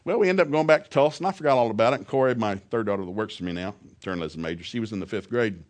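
A middle-aged male preacher telling a humorous story in a sermon, animated, laughing often and acting out the voices of people he quotes. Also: on the low side, rapid-fire.

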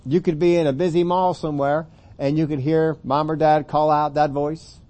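Male preacher, slightly high, mellow tone, chatty sermon with emphatic readings. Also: level tone, moderate pace. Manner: conversational, rising to emphatic scripture reading.

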